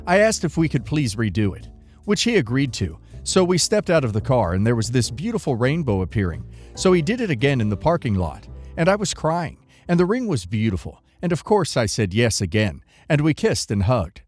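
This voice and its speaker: Man, narrator, reading forum posts aloud, animated pitch, soft music underneath. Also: a little fast.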